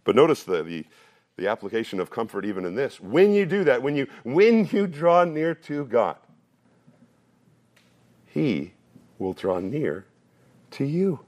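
A man in his thirties preaches with earnest conviction, his voice sitting at an everyday middle pitch. He circles back on phrases to press a point home, then eases into a lower, chattier tone when he tells a story. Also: sing-song, unhurried, long pauses, a little mellow. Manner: earnest, repeats phrases while building a point; drops to a low conversational tone for a personal story. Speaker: pastor. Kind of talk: sermon.

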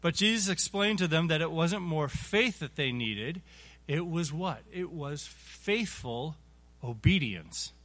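A man with a high voice teaches an adult Bible class. He often stumbles and repeats words as he talks, and he chuckles while acting out everyday scenes to make his point. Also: expressive, fairly bright tone. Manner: halting, repeats words, chuckles through illustrations. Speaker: Sunday school teacher.

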